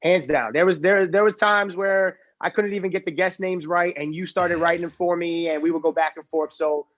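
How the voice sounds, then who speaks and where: A man joining a podcast over a video call, talking quickly and animatedly, telling stories in casual chat. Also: high-pitched, dry recording. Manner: rapid, animated storytelling with quoted dialogue. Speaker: podcast guest. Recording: dull lo-fi video call audio.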